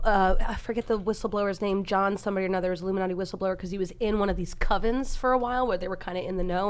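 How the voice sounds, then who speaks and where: A woman co-hosting a podcast, telling stories in an excited, emphatic way and swearing freely. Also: medium pitch. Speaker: podcast co-host. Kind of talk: casual podcast chat.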